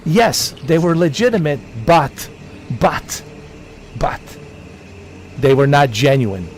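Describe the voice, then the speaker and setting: A man's voice: fairly high pitch, animated, a little slow, slight background noise. A man hosting a casual livestream, rambling and repeating himself as he lectures his chat. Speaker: livestream host.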